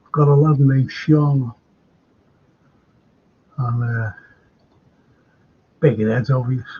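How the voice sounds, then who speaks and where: A man hosting a live football fan show, rambling and indignant, with a gravelly voice on dull lo-fi audio. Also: medium pitch, fairly even intonation, extremely slow. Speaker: football podcast host. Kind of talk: live-streamed fan chat.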